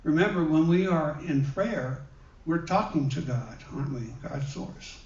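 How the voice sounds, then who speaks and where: A guest minister, male, delivers a sermon full of personal stories in a church hall, speaking gently and conversationally with plenty of pauses and fillers. His pitch sits slightly high. The mic is far away, so the sound is roomy, dull and muffled with reverb.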